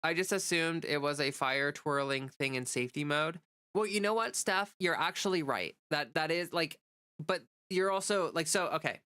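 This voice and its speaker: This content creator's voice is low-pitched yet pushed and bright, clear and resonant, with a stuffy, nasal quality from a cold. During a casual livestream she rambles on, reads comments from viewers, and chats with plenty of filler words.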